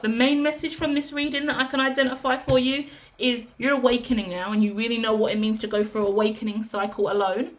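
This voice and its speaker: A woman's voice: fairly high pitch, a bit bright. A woman giving a tarot reading straight to her viewers in a direct, coaching way, stacking up long repeated lists and checking in with "yeah?". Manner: lists things in rapid repetition. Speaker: tarot reader.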